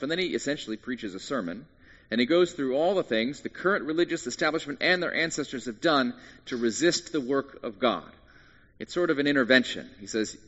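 A man, a pastor, preaching a sermon in an animated way, swinging between hushed and loud moments, with jokey asides. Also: mid-range voice, moderate pace. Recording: dull sound with long reverb in a large hall.

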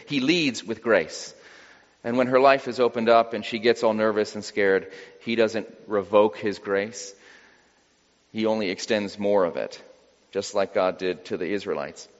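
A man preaching a sermon in a relaxed, conversational way, with wry humor. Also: lowish voice. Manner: conversational, acts out quoted voices with wry humor. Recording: dull sound with long hall reverb.

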